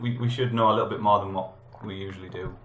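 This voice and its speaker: A man's voice: lowish voice, fairly even intonation, fast talker, a crowd in the background. A man hosting a casual movie podcast with friends, laughing often and breaking off mid-sentence. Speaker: podcast host. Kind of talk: casual chat. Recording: echoey room, faint noise.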